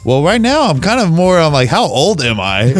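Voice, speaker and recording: A man's voice: fairly high pitch, big pitch swings, measured pace, faint music behind. A man co-hosting a podcast, teasing his friends and laughing often. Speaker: podcast co-host. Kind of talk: casual banter.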